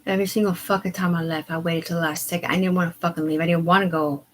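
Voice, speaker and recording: A woman ranting on a live stream, agitated and profane, rambling in disjointed bursts that sink to quiet mumbling. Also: lowish voice, little pitch movement, very fast, a little hiss or hum, low-quality recording. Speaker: livestreamer. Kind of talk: unscripted live stream rant.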